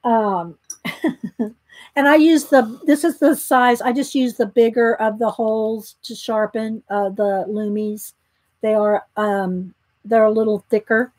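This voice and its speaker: A woman's voice: fairly high pitch, fairly even intonation, slow pace, darkish tone, dry recording. A woman chats casually while she draws, rambling through a story with lots of ums and restarts. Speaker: art tutorial host. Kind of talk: casual chat while drawing.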